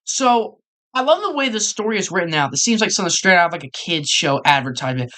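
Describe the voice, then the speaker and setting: A streamer reacting live to a video, talking casually in an excitable, rambling way with frequent laughs. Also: mid-range voice, fast talker.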